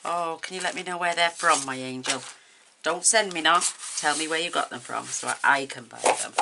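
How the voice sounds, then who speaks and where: Opening craft gifts in a casual chat to camera, this woman vlogger exclaims over every item, gushing and emotional, with tearful moments. She speaks at a moderate pace in a low, creaky voice over a noisy background.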